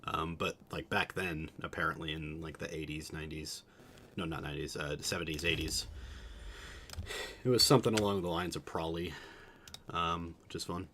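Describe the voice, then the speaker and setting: A man's voice: a bass voice, steady tone, normal speed, pushed and bright, a little hiss or hum. A young man from Utah with a subtle Utah accent, chatting casually to his stream in a rambling, hesitant way with lots of fillers. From Utah, USA.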